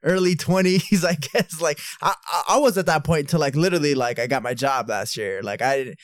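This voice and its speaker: A man's voice: a little high, brisk, no room sound. A man in his twenties, a podcast co-host in casual chat, talking loosely and padding his lines with filler words. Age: 20s. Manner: chatty, hedges with lots of "like".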